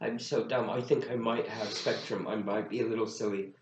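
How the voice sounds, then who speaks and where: A man co-hosting a casual chat podcast, telling stories with animated self-mockery and frequent laughter. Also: lowish voice, fairly quick, reverberant, background noise. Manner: animated self-mocking storyteller, laughs often. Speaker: podcast co-host.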